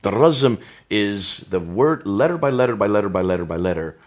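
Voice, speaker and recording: A man's voice: lowish voice, expressive, normal speed. An American man co-hosting a discussion, asking leading questions and methodically listing points with emphasis. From United States. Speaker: co-host. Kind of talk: apologetics discussion.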